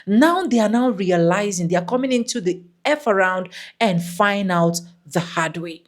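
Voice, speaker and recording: A woman host giving animated reaction commentary, repeating phrases in a preachy way. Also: mid-range voice, moderate pace.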